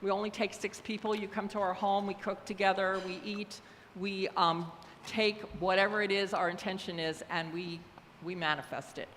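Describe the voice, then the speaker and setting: Older woman, church leader, chatty and rambling, mid pitch, reverberant hall. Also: fairly even intonation, normal speed, a bit bright, slight background noise. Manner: chatty, rambling, many fillers. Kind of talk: casual church announcements. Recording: echoey hall, faint ambience.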